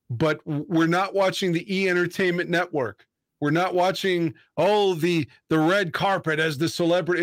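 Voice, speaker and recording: Man, podcast host, somewhat high voice, dry close sound, indignant profane rant. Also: no room sound. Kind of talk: casual podcast chat.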